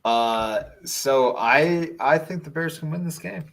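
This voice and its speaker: A man's voice: fairly high pitch, takes it slowly, vocal fry, a bit bright, low-quality recording. A man with a Chicago accent co-hosting a casual sports podcast, talking in a loose, rambling way and swearing now and then. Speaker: podcast co-host.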